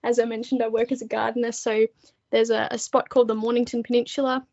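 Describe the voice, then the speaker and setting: A woman's voice: a little high, little pitch movement, fast, darkish tone, muffled recording. An Australian woman, a podcast guest, chatting casually with frequent laughs and ums. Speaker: podcast guest, book editor. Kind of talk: casual interview chat.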